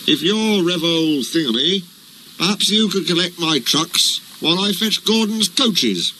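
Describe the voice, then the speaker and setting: A man's voice: high voice, lively intonation, unhurried, bright, forceful tone, slight background noise, pitched above the performer's own voice, heavily acted, rough recording. A man voicing a sensible male tank engine who speaks curtly and with a sly, dry manner. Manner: curt, dry.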